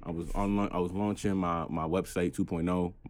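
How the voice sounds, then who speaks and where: A man's voice: deep voice, fairly even intonation, normal speed, darkish tone. A man hosting a podcast, telling stories in casual chat and teasing his guests with jokes. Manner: teasing, joking storyteller. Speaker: podcast host.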